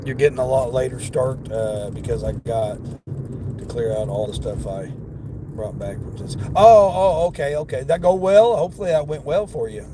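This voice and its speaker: A man's voice: medium pitch, expressive, normal speed. A man from the American Midwest, chatting casually to his live-stream viewers from his car, greeting them by name and laughing often. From Midwestern United States. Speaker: delivery driver livestreaming. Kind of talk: casual live-stream chat while driving. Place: inside a car on the road. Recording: road and car noise behind.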